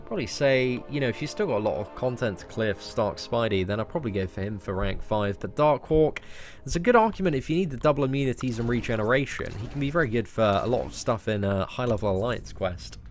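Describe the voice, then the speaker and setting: A man's voice: mid-range voice, animated, fast talker. A young English man chatting casually on a game live stream, answering viewers, self-mocking and full of "like" and "mate". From England. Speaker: gaming streamer. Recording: faint music behind.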